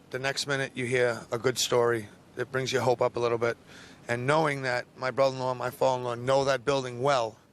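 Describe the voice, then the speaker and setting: A man's voice: mid-range voice, fairly bright tone, slight background noise. A man being interviewed about a missing relative, speaking earnestly and with determination.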